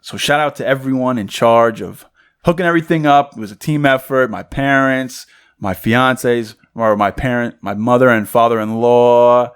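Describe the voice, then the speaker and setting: A young man co-hosting a podcast, casually telling a rambling, excited story and acting out the voices of the people in it. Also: mid-range voice, moderate pace, smooth. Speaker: podcast co-host. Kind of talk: casual chat.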